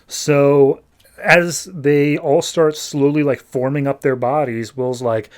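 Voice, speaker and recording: A man's voice: fairly high pitch, fairly even intonation, slow pace. A man hosting a podcast, casually recapping a comic with jokes and acted-out voices. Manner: chatty, jokey, acts out the characters. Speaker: podcast host.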